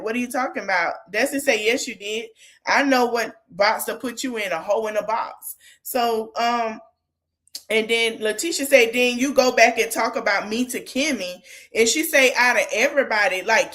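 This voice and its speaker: A woman hosting a casual podcast, retelling a reality show argument and talking back to the people in it. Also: on the high side. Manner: animated, retells quotes, talks back to the people on screen. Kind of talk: casual recap chat.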